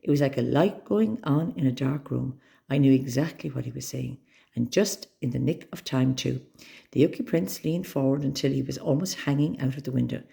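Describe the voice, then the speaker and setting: A woman reading a children's story aloud with expressive, dramatic storytelling. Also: rumbling low, brisk, vocal fry.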